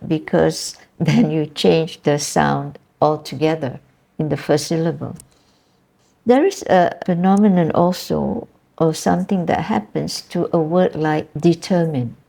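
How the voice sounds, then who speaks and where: A middle-aged Malaysian woman lectures on English pronunciation, spelling words out letter by letter in an unhurried, explanatory way. Her Malaysian English accent sits on a low, mellow voice with a gravelly edge of fry. She takes her time over each word. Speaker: university lecturer.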